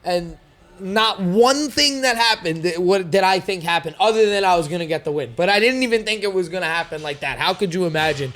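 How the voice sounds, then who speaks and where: A young man telling a story in a casual podcast chat, animated and rambling, with a lot of swearing. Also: high-pitched, fairly quick. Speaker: podcast guest, fighter.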